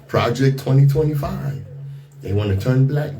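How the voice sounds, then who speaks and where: A male radio talk host delivering blunt, indignant commentary into a studio microphone at a middling pitch. He reads from the news, then breaks off to react in his own words, stumbling and repeating himself as he goes. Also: expressive, moderate pace, a little mellow, a little hiss or hum.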